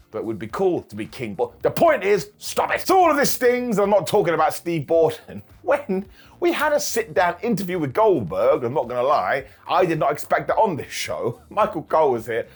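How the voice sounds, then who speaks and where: A man casually recapping a wrestling show as reviewer, animated and jokey, laughing often. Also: fairly high pitch, moderate pace, husky, soft background music. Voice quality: bald-joke running gimmick host.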